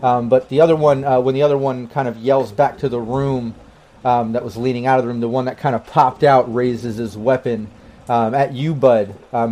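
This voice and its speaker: A man's voice: medium pitch, fairly even intonation, normal speed, dark tone. A man narrating a tabletop game as game master, rambling with many restarts.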